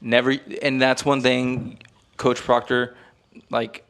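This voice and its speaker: A young man, telling a story on a podcast in an animated way with lots of fillers, acting out quotes. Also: mid-range voice, slow, gravelly, smooth. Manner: animated, heavy filler words, acts out quotes. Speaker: podcast co-host. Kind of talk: casual storytelling.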